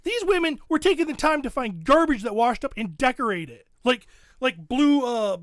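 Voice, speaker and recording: A man's voice: extremely high pitch, lively intonation, moderate pace, fairly bright tone, no echo, clean studio sound. A man hosting a podcast, animatedly retelling a show in casual, profane chat. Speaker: podcast host.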